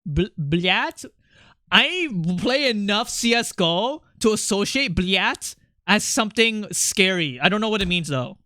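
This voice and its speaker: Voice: mid-range voice, expressive, measured pace, sharp tone, no echo, clean studio sound. A streamer chatting casually and playfully with chat while drawing, rambling with lots of fillers.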